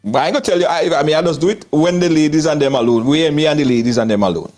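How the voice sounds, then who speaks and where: A Trinidadian man with a slightly high, darkish-toned voice speaks in rapid bursts, with faint music behind him. He hosts a lively live talk show over a video call, laughing a lot and repeating himself.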